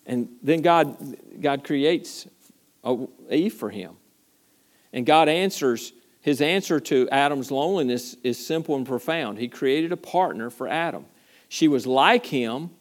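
A man's voice: mid-range voice, animated, measured pace. Earnest, emphatic man preaching a sermon. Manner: earnest, repetitive, emphatic, with playful asides. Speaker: pastor.

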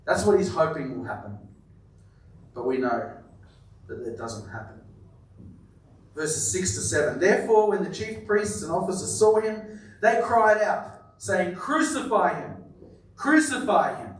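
A man preaching a sermon, emphatic and repeating his words, often dropping to a quiet, stressed delivery. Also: sits high, a little slow. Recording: very echoey room, voice from a distance.

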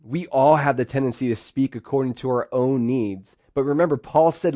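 A man preaching a sermon, lively, acting out quoted phrases in sudden bursts. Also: medium pitch, normal speed, few pauses, no echo. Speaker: pastor.

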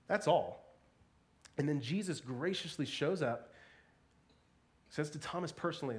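A man giving a sermon in a conversational, animated way, with playful asides and frequent repeated words. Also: on the high side, normal speed, long pauses. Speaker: pastor.

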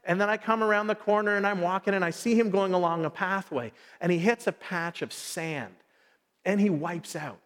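Guy preaching a sermon, high-ish voice, lively storyteller, echoing church hall. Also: normal speed. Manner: animated storytelling, acts out his son's voice. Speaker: pastor. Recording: long hall reverb.

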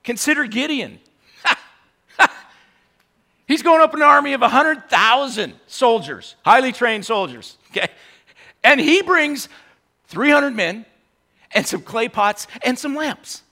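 A man preaching a sermon in an animated way, full of mocking rhetorical questions and frequent laughter. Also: extremely high pitch, a little slow, gravelly.

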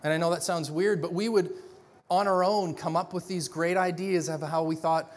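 A middle-aged man preaching a sermon in a conversational, animated way, with frequent restarts and acted-out dialogue. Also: a little high, moderate pace. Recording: long hall reverb.

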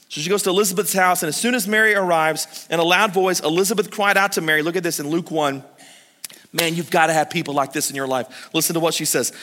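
A middle-aged man preaches in a church sanctuary, his voice bright and a little high. He swings between loud urgent calls and hushed pleading, speaking straight to the listeners. A long reverb trails off the hall. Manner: storytelling, addresses the congregation directly. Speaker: pastor. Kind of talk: sermon.

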